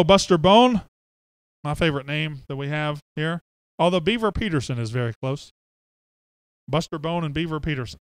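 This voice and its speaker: A man's voice: on the high side, clear, resonant tone, no echo. A man hosting a sports podcast, chatty and joking as he reads viewer comments aloud. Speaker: podcast host. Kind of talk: casual sports podcast chat.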